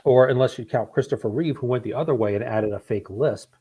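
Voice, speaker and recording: Husky-voiced man telling stories. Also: mid-range voice, fairly quick, warm tone, dull audio. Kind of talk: casual chat.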